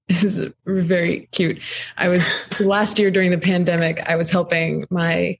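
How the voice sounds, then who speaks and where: A woman's voice: on the low side, unhurried, gravelly, a little hiss or hum. A woman in her thirties, a podcast guest and camp co-founder, telling a story in a thoughtful, conversational way with frequent ums. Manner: thoughtful, frequent ums, animated when retelling.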